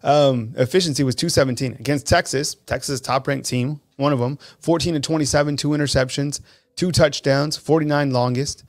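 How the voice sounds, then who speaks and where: Animated male sports call-in host. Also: mid-range voice, fairly quick. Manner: animated, conversational, reads fan comments aloud. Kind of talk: live call-in sports talk.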